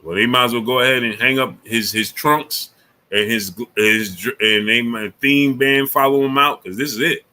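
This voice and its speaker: A man's voice: mid-range voice, moderate pace, pushed and bright. A man hosting a casual sports talk livestream, speaking in loose slang and greeting viewers from the super chat between his takes.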